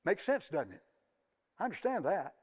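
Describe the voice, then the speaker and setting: A man preaching a sermon, moving between quiet asides and loud emphatic peaks and asking his congregation questions. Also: high-pitched, very animated, normal speed, breathy edge, long reverb tail.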